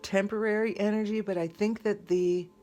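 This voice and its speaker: A woman's voice: medium pitch, steady tone, normal speed, darkish tone, soft background music. A woman giving a casual tarot reading, talking in a rambling, conversational way with lots of fillers and restarts. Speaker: tarot reader.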